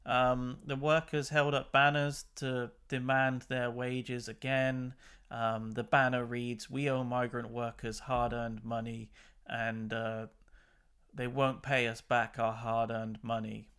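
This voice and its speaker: A man's voice: medium pitch, level tone, slow, a bit bright, clean tone. A man hosting a channel, chatting casually and with exasperation as he comments on news clips. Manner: chatty and exasperated, laughs between remarks. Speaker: channel host.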